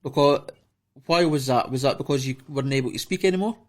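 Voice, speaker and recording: A man's voice: medium pitch, fast talker. A Scottish man co-hosting a podcast, asking questions in a hesitant, casual way. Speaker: podcast co-host. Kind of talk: casual chat.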